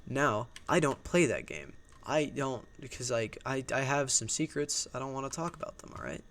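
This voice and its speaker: Young guy, casual storytime vlogger, swears a lot and rambles, ordinary mid pitch. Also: expressive, moderate pace, fairly bright tone, slight background noise. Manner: loose, profane and rambling.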